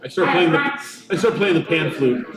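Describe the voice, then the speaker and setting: A man's voice: a little high, lively intonation, moderate pace. Man blurting player calls in a crowded room. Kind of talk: live tabletop game play. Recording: roomy live venue with crowd.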